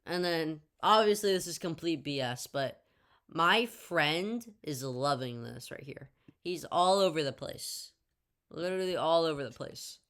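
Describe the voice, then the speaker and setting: A young woman narrates a casual storytime tale with a fairly low voice for her. She rambles and drops in jokey asides and little fillers as she goes. The telling is loose and chatty. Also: lively intonation, unhurried, fairly bright tone.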